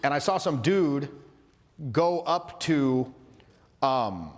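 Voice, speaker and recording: A man's voice: mid-range voice, takes it slowly, long reverb tail. A man who coaches social skills, telling stories casually and acting out other people's voices. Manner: animated storyteller, acts out voices, laughs often. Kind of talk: casual talk to camera.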